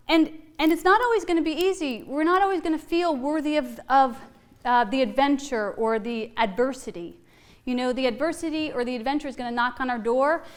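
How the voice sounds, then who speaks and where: Middle-aged woman, high voice, heartfelt inspirational talk, earnest, repeats herself. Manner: earnest, heartfelt, repeats phrases, laughs often. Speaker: speaker giving an Easter talk.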